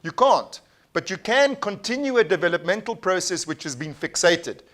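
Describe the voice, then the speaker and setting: A man's voice: high-pitched, expressive, normal speed, fairly bright tone. A man with a South African accent giving an earnest, explanatory workshop lecture, often restarting his sentences. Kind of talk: live workshop lecture with discussion.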